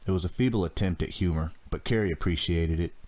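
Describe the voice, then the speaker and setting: A man narrating a teen thriller audiobook in a measured, steady reading. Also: deep voice. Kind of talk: scripted narration.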